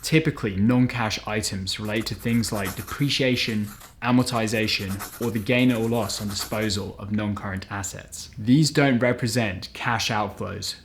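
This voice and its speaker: A man with a fairly low voice hosts an accounting lesson, walking through each step in a clear, methodical way. His delivery is scripted and even, like a prepared explainer video. A faint hiss of noise sits under the recording. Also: normal speed. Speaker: host of an accounting lesson channel.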